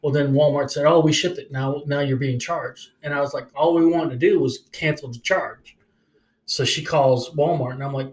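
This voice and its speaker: A man's voice: medium pitch, moderate pace, echoey room, poor audio. A man casually telling a story as a podcast co-host, acting out angry phone calls and cursing as he goes. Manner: animated, swearing, acts out angry phone calls.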